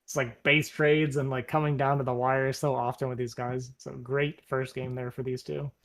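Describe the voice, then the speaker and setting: A man doing live play-by-play commentary on a strategy game match in a flat, monotone way, his voice a bit worn from losing it recently. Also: mid-range voice, moderate pace. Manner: self-described monotone, relaxed. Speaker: esports caster.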